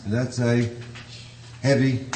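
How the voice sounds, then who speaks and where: A man's voice: mid-range voice, little pitch movement, takes it slowly. A man teaching poetry in a classroom lecture, chanting rhythms in nonsense syllables and chuckling often. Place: classroom with a blackboard. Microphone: distant room recording. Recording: echoey classroom, distant mic, noisy tape.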